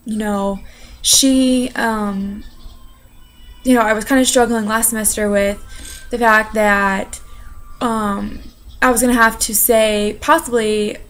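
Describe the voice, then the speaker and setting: A woman's voice: medium pitch, steady tone, unhurried, long pauses. A young woman, an interpreting student, telling her story in a casual, chatty way with many fillers. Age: young adult. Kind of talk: casual personal account.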